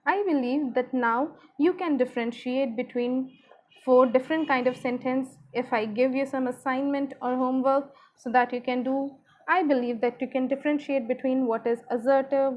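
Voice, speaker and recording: A woman's voice: sits high, dull audio. A woman teaching a grammar lesson, asking questions and praising her pupils.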